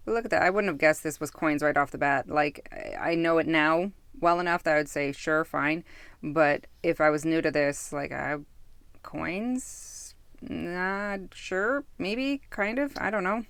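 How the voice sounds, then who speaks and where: A woman's voice: low-pitched, fairly even intonation, normal speed, a bit bright, clear, resonant tone, dry recording. A woman casually reviewing a tarot deck, musing aloud, losing her thread and correcting herself. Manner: musing, self-interrupting, easily sidetracked.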